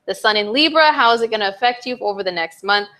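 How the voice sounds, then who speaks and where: This young female astrologer talks quickly at a mid-range pitch, offering her viewers a casual forecast. She's lively and chatty, peppering it with fillers and playful outbursts.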